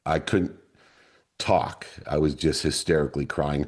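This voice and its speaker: A middle-aged man leading a men's mastermind group, telling a motivational story in an earnest, deliberate way that lingers on key words. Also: rumbling low, fairly even intonation, breathy edge.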